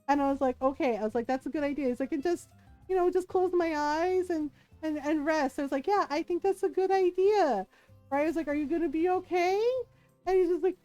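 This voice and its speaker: A woman streamer chats to her viewers in a high, bright voice, giggling and acting out the people in her story. The close microphone sounds dry and intimate, and faint music plays underneath. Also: fairly quick, dry recording. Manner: animated, giggly, acts out quoted voices. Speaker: livestream gamer. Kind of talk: casual storytelling to chat.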